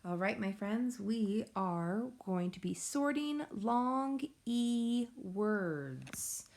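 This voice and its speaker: A woman teacher giving a recorded phonics lesson to young children, explaining slowly and patiently in a sing-song way. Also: mid-range voice, expressive, background noise. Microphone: tablet or device mic.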